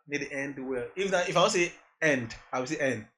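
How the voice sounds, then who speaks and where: A man's voice: a little high, a little fast, bright, forceful tone. Earnest Nigerian man slipping into Pidgin. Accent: Nigerian, mixing in Pidgin. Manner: earnest, reflective, repeats phrases, laughs often. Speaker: podcast guest, music producer. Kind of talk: casual interview chat.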